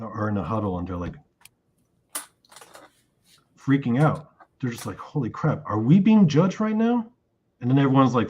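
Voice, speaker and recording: A man's voice: fairly low pitch, husky, lo-fi sound. A man being interviewed, telling a long dream story in casual talk and acting out what he said in it. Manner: animated retelling of a dream, acting out his own lines. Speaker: interview guest.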